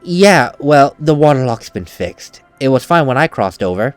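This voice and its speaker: A man's voice: mid-range voice, sing-song, takes it slowly, long pauses, dry recording, faint music behind. A young man playing a video game, chatting and giggling while reading lines aloud. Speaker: let's play gamer. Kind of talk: casual game commentary.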